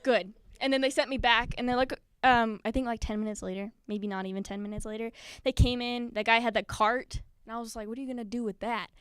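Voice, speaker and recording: Woman doing a story at an open mic, kinda nervous and giggly, highish smooth voice. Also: a little fast, hardly any pauses, no echo. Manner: nervous and giggly, with animated acted-out quotes. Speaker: spoken word performer. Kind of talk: personal story told live on stage. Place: stage at a live community event.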